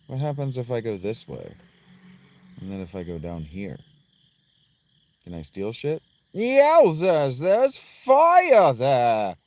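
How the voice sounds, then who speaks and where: A man's voice: low-pitched, sing-song, unhurried, long pauses, warm tone. A man streaming a video game, chatting casually with jokes, self-mockery and the odd swear word. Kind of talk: casual gameplay commentary.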